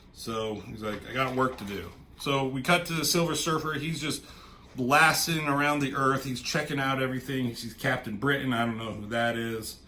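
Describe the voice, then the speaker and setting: A man casually recapping a comic book issue as a reviewer, rambling and tossing in quick offhand character voices. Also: mid-range voice, pushed and bright, a little hiss or hum.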